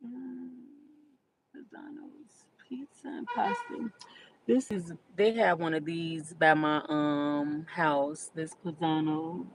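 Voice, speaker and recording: A middle-aged woman chatting candidly while driving her car, venting loudly at other drivers and talking about her day. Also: on the low side, a little hiss or hum, rough recording. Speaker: vlogger. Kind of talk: casual chat while driving.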